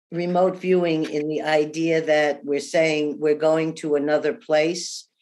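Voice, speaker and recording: A woman's voice: low voice, darkish tone. A woman speaking as an interview guest, earnest, emotional and spiritual in how she talks, with frequent restarts. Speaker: interview guest, shaman and remote viewer. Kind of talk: heartfelt interview talk.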